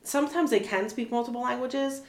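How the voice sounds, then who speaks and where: A woman's voice: a little high, fairly quick, roomy sound. A woman in her thirties chatting casually as an interview guest, full of fillers, restarts and little laughs. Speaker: animal communicator guest.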